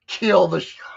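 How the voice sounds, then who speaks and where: A man with a Southern US accent, co-hosting a talk show and telling stories in a casual chat, laughing often and quoting people in voices. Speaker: show co-host. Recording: dull lo-fi sound.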